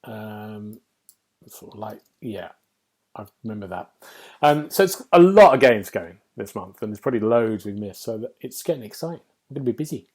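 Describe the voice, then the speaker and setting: A man's voice: lowish voice, animated, moderate pace, a little mellow. A man hosting a casual gaming podcast, chatty and loose, reading out release dates with plenty of ums. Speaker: podcast host.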